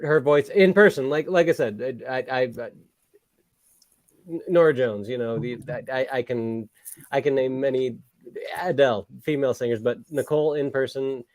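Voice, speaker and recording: A man's voice: mid-range voice, no echo. A man co-hosting a casual music podcast, talking earnestly with frequent stammers and repeats. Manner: earnest, stammering, softening as he praises. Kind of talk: casual chat. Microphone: remote video call.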